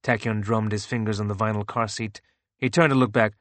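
A man narrating a novel as an audiobook in a steady, even reading. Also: on the low side, a little fast, no echo.

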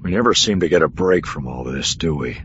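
A man's voice: fairly low pitch, big pitch swings, normal speed, bright, forceful tone, dull audio, a little hiss or hum. A man voicing a wry, roguish adult smuggler-hero in an audiobook, with a dry, offhand delivery. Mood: low, rueful. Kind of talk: audiobook character voice.

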